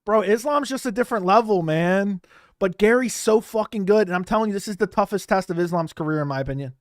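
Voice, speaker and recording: A young man with a high voice hosts a live fight watch-along. He talks in a loose, animated way, curses freely and keeps repeating lines. The sound is dry and close to the mic. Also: fast talker, dry recording. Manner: animated, swearing, repeats himself, bursts into loud outbursts. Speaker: host reacting to a live fight.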